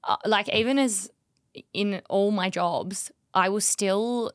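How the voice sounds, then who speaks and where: A young woman co-hosting a podcast, chatting casually with quick reactions. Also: mid-range voice. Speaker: podcast co-host. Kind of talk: casual chat.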